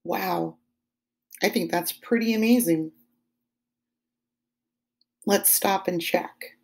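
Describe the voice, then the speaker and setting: A woman teaching second graders, asking slow, encouraging questions about a story. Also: on the low side, vocal fry, a little mellow. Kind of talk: online lesson for young children.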